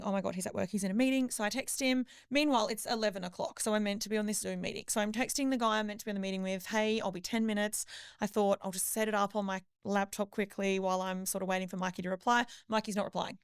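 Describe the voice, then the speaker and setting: A woman on a podcast, telling a chaotic story with lively acted-out voices of other people. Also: medium pitch, fast talker, smooth, no room sound, studio quality. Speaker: podcast co-host. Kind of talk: casual storytelling chat.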